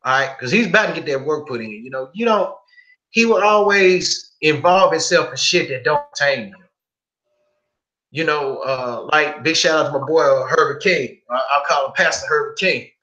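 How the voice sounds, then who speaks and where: Profane, animated podcast host in an echoey room. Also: male voice, on the high side, moderate pace. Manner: profane, animated storytelling with quoted dialogue. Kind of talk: casual podcast storytelling.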